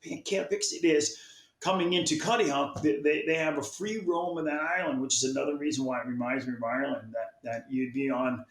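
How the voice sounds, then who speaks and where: A man's voice: medium pitch, fairly even intonation, fairly quick, roomy sound, rough recording. A man, a fishing magazine publisher, telling a long story in casual chat, rambling along and restarting his sentences often. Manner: rambling, with many restarts and repeated words.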